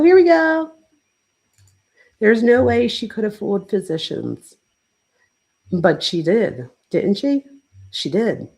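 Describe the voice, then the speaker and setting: A chatty woman hosting a casual livestream, talking straight to her viewers and peppering her sentences with "like." Her voice is gravelly, with a husky edge. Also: fairly low pitch, darkish tone, low-quality recording. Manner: chatty, talks straight to viewers, many "like" fillers. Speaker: host and professor reading live chat.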